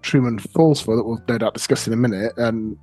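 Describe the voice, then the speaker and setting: A man's voice: medium pitch, fairly quick, a little mellow, slightly rough, soft background music. A man co-hosting a podcast, talking films in a reflective, hesitant way with many fillers. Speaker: podcast co-host. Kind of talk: casual film discussion.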